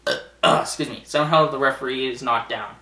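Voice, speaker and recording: A man's voice: mid-range voice, fast, sharp tone, echoey room. A man vlogging casually, rambling and sarcastic, swearing and laughing at his own jokes. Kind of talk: casual commentary vlog.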